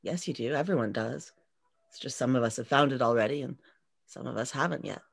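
A woman's voice: very deep voice, fairly quick, gravelly, exaggerated voice. Woman reading as an earnest young girl. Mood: gentle.

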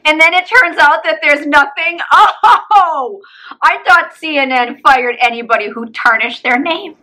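A woman's voice: high voice, a little slow, sharp tone, poor audio. A woman co-hosting a podcast, talking in a blunt, scornful and sarcastic casual chat. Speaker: podcast co-host.

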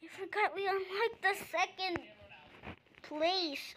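A young woman chatting to viewers while playing a pet-collecting game, breaking into excited yells. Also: high-pitched, slow, slight background noise. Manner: chatty, bursts into excited screaming; addresses viewers as guys. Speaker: gaming video creator. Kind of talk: casual gameplay commentary.

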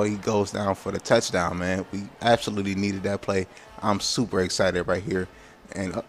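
Man with a slightly low voice, casual let's-play commentator calling his game play by play, slangy and easily exasperated. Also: slight background noise. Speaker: gameplay commentator.

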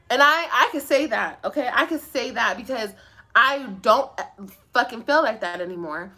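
A woman's voice: fairly high pitch, animated, unhurried, pushed and bright. A young woman livestreaming from her phone, ranting to viewers in a blunt, profane, sassy way and laughing often. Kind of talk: casual live-stream rant.

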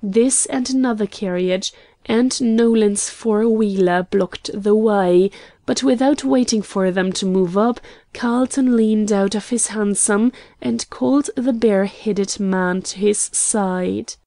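Slow, mellow woman narrating an audiobook. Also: medium pitch, dry recording. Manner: measured, even storytelling. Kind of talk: scripted narration.

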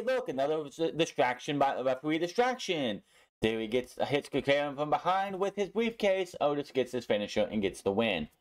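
A young man casually recapping and reviewing a wrestling show, chatty and opinionated. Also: fairly high pitch.

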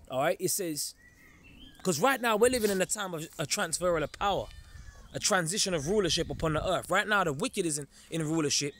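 A man preaching an informal sermon in an emphatic, conversational way, often pausing to check in with his listeners. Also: sits high, a bit bright, a little hiss or hum. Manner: emphatic, keeps checking in with listeners, chuckles darkly.

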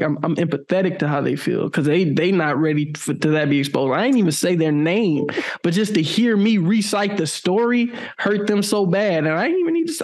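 A man's voice: high voice, darkish tone. A young adult man hosting a podcast, talking in an earnest, heartfelt and emotional way during a casual interview chat. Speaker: podcast host.

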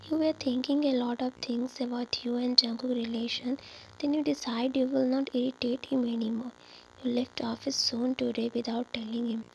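A woman narrating a fan fiction story in a whispered role-play, softly and steadily. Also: a little high, flat delivery, moderate pace, gravelly, slight background noise, rough recording.

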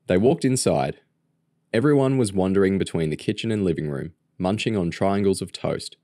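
Deep-voiced male audiobook narrator. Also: lively intonation, normal speed, warm tone, no room sound, clean studio sound.

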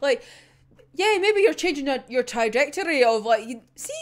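A woman's voice: sits high, lively intonation, normal speed. A young Scottish woman reacting to a manga chapter, swearing and exclaiming in exasperation. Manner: swears a lot, laughs and cries out in exasperation. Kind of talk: emotional reaction vlog.

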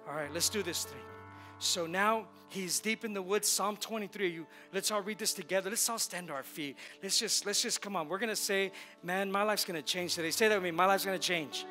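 A man with a high, bright voice preaches from the pulpit, leading the congregation in call-and-response. He drives his points home with emphatic repetition, and soft instrumental music plays under him in the church. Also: a little fast. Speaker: pastor. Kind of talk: sermon. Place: church sanctuary.

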